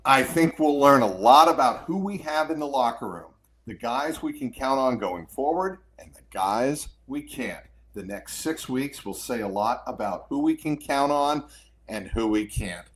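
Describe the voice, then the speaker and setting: A man co-hosting a sports podcast, speaking in a measured way and closing his points with short, firm remarks. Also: medium pitch, animated, fairly bright tone. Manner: measured, punchy, firm declarations. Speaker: podcast co-host. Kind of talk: casual sports talk.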